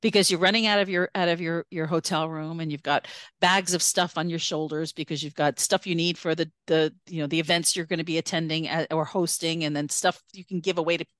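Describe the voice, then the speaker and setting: A woman author hosts a podcast in a relaxed, talkative way, often restarting her sentences. Her voice sits a little low. The sound is dry and close, with no room around it. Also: fairly quick, dry recording. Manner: talkative, many restarts and self-corrections. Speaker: podcast host. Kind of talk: casual chat.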